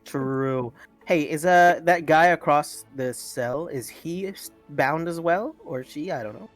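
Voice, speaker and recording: A man's voice: on the high side, slow pace, soft background music. A man playing a tabletop role-playing game, talking in a hesitant, chatty way. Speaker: player. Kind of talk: casual tabletop play.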